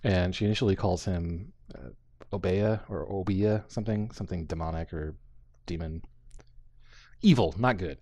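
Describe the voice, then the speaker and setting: A man hosting a podcast, chatting casually about a film, animated and quoting scenes aloud. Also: sits low, normal speed, dry recording. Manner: animated, acts out quotes, frequent fillers. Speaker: podcast host.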